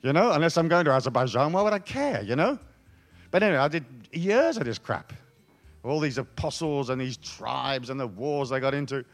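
A man's voice: mid-range voice, lively intonation, fairly quick, soft background music. A man raised in Africa giving a comic, profane, ranting spiritual talk to an audience. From raised in Africa, born in England. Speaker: speaker addressing an audience.

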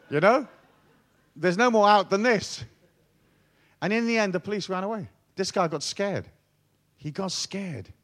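A theatrical man gives a motivational talk full of swearing and swagger. His voice sits a bit higher than most men's and swings widely in pitch. He often sinks into a hushed, low murmur for effect. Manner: swaggering, profane, theatrical storyteller; drops to hushed, low tones for emphasis. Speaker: motivational speaker. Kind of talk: storytelling talk to an audience.

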